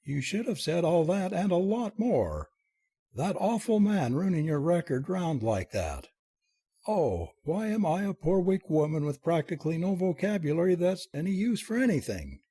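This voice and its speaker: A man's voice: high-pitched, very animated, moderate pace, mellow, breathy edge, pitched above the performer's own voice, heavily acted. A man reading aloud and voicing a passionate young woman who gushes and wails in a storybook. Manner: gushing, wailing and breathless.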